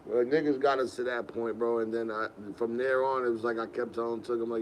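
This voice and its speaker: A man's voice: medium pitch, flat delivery, a little fast, hardly any pauses, slight background noise, rough recording. A young man, hosting a podcast and telling rambling, laid-back stories with laughs. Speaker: podcast host. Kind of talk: casual storytelling.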